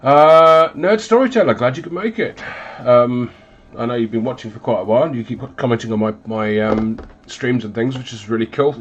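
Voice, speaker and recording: In lo-fi sound, the host speaks in a mid-range voice at a fairly quick pace. He's stuffed up and on the mend, rambling casually with ums and self-mockery as he paints on stream in his hot home hobby room, windows shut.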